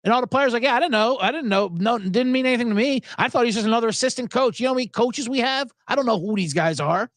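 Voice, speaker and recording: Man, sports podcast host, profane rant, chuckling asides, very lively pitch, dry close mic. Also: no room sound.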